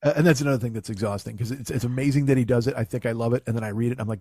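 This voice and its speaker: A man's voice: mid-range voice, fairly even intonation, very fast, hardly any pauses, warm tone, no room sound, studio quality. A middle-aged man hosting a comedy podcast, talking in a profane, self-mocking way and acting out voices when he quotes people. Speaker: podcast host. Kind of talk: casual comedy podcast banter.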